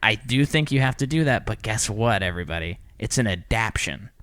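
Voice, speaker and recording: A man co-hosting a casual podcast, talking in an animated way and acting out quotes in little put-on voices. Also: lowish voice, fairly quick, no echo, clean studio sound. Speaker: podcast co-host. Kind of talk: casual chat.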